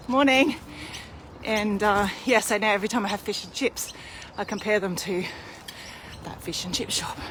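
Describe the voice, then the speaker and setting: Her mid-range, slightly bright voice comes through with slight background noise. The thirty-something vlogger is outdoors on a hilly street, breathless from pushing a pram uphill, talking chattily and candidly with self-deprecating humor during a live video.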